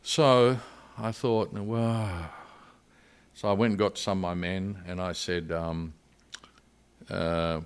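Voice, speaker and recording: A man's voice: deep voice, fairly even intonation, takes it slowly, clear, resonant tone. An older man with an Australian accent, a missionary guest telling his story earnestly in a podcast interview.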